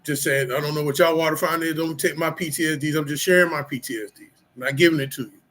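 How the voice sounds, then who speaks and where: A man's voice: a little high, steady tone, quick pace, a bit bright, a little hiss or hum, poor audio. A middle-aged man talking casually and candidly to his viewers about his past and how he has changed, rambling with lots of fillers and street slang. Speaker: vlogger sharing personal recovery. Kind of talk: casual personal talk to camera.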